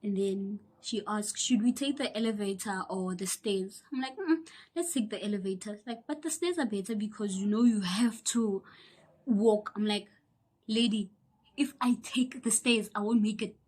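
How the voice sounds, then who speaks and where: A young South African woman telling a personal story in a casual, animated way, acting out the people she quotes and sometimes dropping into a whisper. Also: mid-range voice, moderate pace, husky. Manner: animated, acts out quoted voices, drops into whispers. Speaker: YouTuber.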